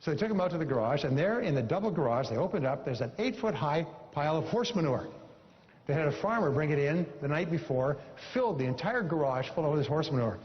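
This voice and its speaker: A man with a fairly high voice gives a motivational seminar speech and drives his points home with emphatic repetition. He tells a story to the room. The recording is dull and lo-fi, with a long reverb from the hall. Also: animated, quick pace, a little hiss or hum. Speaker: motivational speaker.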